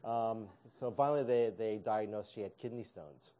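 A man's voice: lowish voice, moderate pace, mellow. A middle-aged man telling a personal story in a sermon, conversational with self-deprecating humor and frequent restarts.

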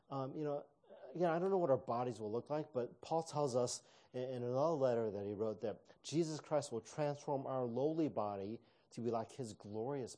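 Mellow-voiced man preaching a sermon. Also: medium pitch. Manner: conversational preaching with fillers and restarts. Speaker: pastor.

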